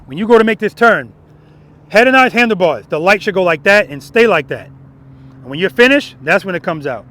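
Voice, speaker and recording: A man's voice: high voice, expressive, a little fast, bright, forceful tone. A man teaching a motorcycle riding lesson in an outdoor parking lot. He stresses key points again and again and often checks in with "right?".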